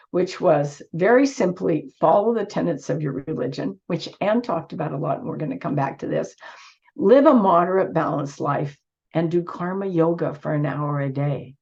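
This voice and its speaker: A woman giving an earnest online talk with slides, her voice squeaky from a cold and her phrasing full of restarts. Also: moderate pace, darkish tone. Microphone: video call. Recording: dull lo-fi video call audio.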